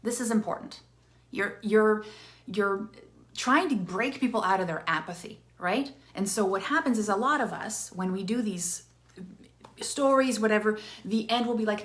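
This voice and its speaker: Woman coach, lively casual delivery, mid-pitch, leans on "right?" checks. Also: normal speed. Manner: animated, chatty, with restarts and rhetorical "right?". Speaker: interactive storytelling coach. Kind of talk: casual teaching talk to viewers.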